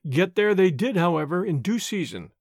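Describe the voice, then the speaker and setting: A man narrating a classic novel as an audiobook, in a measured, expressive storytelling manner. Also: sits high, dry recording, studio quality. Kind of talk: scripted narration.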